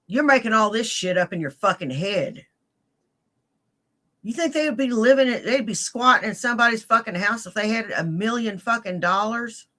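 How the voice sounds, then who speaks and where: A woman's voice: fairly high pitch, lively intonation, normal speed, bright, forceful tone. A woman in a played clip, ranting furiously and cursing heavily as she accuses someone. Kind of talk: angry profane rant.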